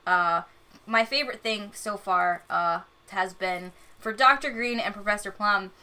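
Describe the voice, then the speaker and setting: A young woman narrating as game master in a tabletop game, relaxed and rambling with many fillers. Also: medium pitch, measured pace, clear, resonant tone.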